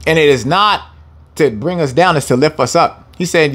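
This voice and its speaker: A man's voice: on the high side, moderate pace, a bit bright. A man teaching a scripture lesson, speaking emphatically, repeating phrases for stress and addressing his listeners as family. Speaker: Bible teacher.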